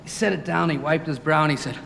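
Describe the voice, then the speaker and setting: A man's voice: on the high side, fast talker, gravelly, a bit bright. A male stand-up comedian telling stories with many chatty asides. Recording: roomy hall with faint noise.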